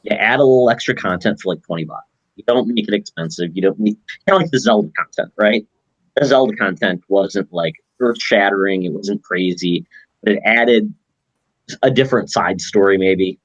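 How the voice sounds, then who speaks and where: Male podcast co-host, husky and animated, dry close mic, musing delivery. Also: on the low side, moderate pace, no echo, dull audio. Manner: hesitant, musing speculation. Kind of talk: casual chat.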